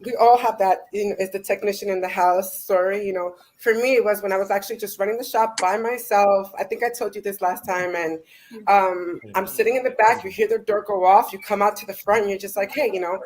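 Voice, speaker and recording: A woman who runs a repair shop, telling an animated story on a casual video call. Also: medium pitch, brisk, poor audio. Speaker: shop owner. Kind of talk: casual panel chat.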